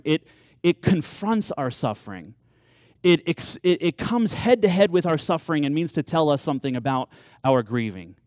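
A man's voice: a little high, no echo. A man in his thirties preaching a sermon as pastor, earnest and conversational, often restarting and repeating words.

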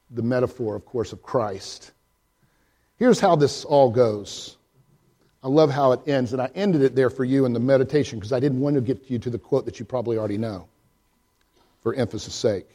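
A male pastor giving a sermon, swinging from loud, high swells to quiet, hushed drops, and reading a story aloud with voices. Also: moderate pace, long pauses.

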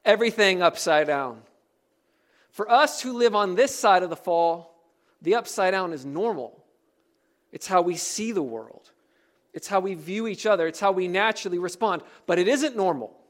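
A man with a fairly high voice preaches a sermon from the pulpit. He puts questions to the congregation and shifts his pace and volume to stress key words. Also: animated, normal speed, long pauses. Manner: varies pace and loudness for emphasis. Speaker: pastor.

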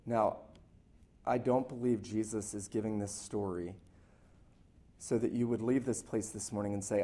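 A man's voice: fairly low pitch, steady tone, moderate pace, long pauses, mellow. A man preaching a sermon to a church congregation as the pastor, earnest and emphatic, stacking up short repeated phrases.

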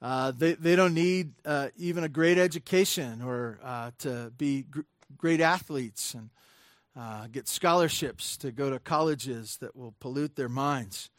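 A man's voice: medium pitch, a little slow, dry recording, studio quality. A man preaching a sermon in a conversational style, with many fillers and restarts, building to emphatic points. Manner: rises to emphatic bursts on key points. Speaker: pastor.

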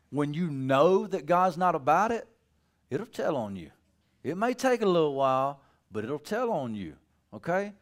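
Lively, animated male preacher. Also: on the high side. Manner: animated, conversational preaching with playful character voices. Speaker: pastor. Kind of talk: sermon.

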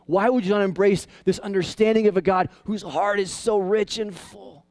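A male pastor preaching a casual, conversational sermon that swings into high, excited tones. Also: normal speed, dry recording.

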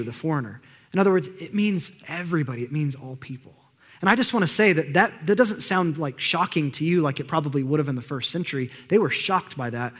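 A man's voice: on the high side, slightly rough. Man preaching in an echoing hall. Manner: conversational storytelling with emphatic rises. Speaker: pastor. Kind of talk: sermon.

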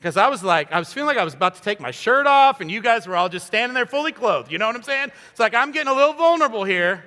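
A man in his fifties preaches a sermon as a guest pastor, with a high, bright and forceful voice. He talks in a conversational, self-deprecating way, with fillers. His voice rings with the long reverb of a church hall. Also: expressive, racing. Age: 50s.

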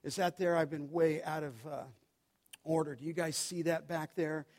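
A male pastor with a high-pitched voice preaches to his congregation. He tells a personal story and plays out the back-and-forth. He keeps asking the room questions. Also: little pitch movement, normal speed, a little mellow. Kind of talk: sermon. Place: church sanctuary.

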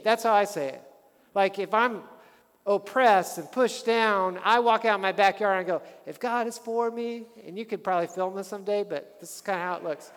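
Man, pastor, sermon, high voice, animated, long hall reverb. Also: brisk. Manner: animated, calls the congregation to respond.

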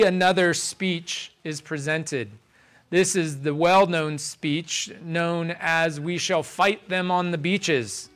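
A pastor delivering a sermon in a measured, deliberate way, slowing down to stress key phrases. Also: male voice, sits high, fairly bright tone.

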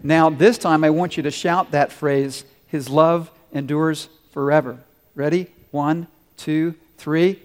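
A man's voice: fairly high pitch, fairly even intonation, slow. A man preaching a sermon as pastor, earnest and leading his congregation in call-and-response. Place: large church sanctuary. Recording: long hall reverb.

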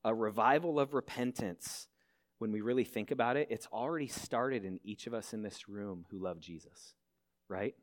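Earnest man preaching, lowish voice. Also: normal speed. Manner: earnest, asks the congregation many questions. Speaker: pastor. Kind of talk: sermon. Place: church hall.

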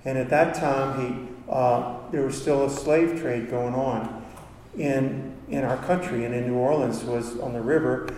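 Preacher in an echoey church. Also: male voice, medium pitch, steady tone, a little slow, darkish tone, slight background noise. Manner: storytelling, emotional, calls for amens. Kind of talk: sermon. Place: church hall. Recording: echoey hall from far off.

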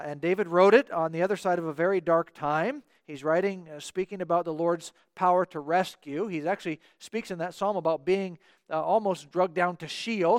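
Pastor guy preaching, kinda high voice, earnest, dry close sound. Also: dry recording. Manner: earnest, repeats words for emphasis. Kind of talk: sermon.

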